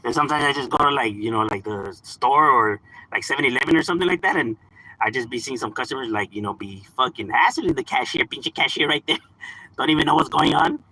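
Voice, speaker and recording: A man's voice: mid-range voice, expressive, fast, bright, forceful tone, a little hiss or hum, rough recording. A young man chatting casually on a live stream, slangy and laughing often. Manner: laid-back slang, mixes in Spanish words, laughs often.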